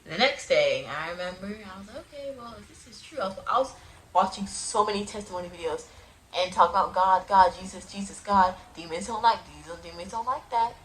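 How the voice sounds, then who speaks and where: A young woman casually telling her personal testimony into a phone, animated and prone to sudden loud outbursts, with uneven volume. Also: mid-range voice, a little fast, a little hiss or hum, poor audio. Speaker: person giving a religious testimony.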